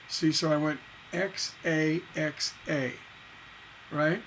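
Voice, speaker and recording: Lively high-voiced man teaching songwriting. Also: slow, a little hiss or hum, poor audio. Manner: lively, emphatic teaching, sings and recites lyric lines. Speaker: songwriting instructor. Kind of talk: livestream songwriting lesson.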